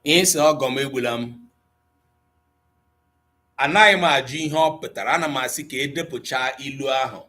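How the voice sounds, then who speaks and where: A man's voice: medium pitch, fast, pauses often, bright, forceful tone. A man with an Igbo accent teaching a live online language lesson. He switches between English and Igbo, reads out viewer comments, chuckles often and teases the class.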